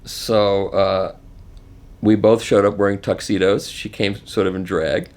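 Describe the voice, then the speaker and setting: A man in his seventies telling stories in an interview, animated and chuckling as he acts out other people's lines. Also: on the low side, measured pace. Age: 70s. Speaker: interview guest. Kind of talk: casual anecdotal storytelling.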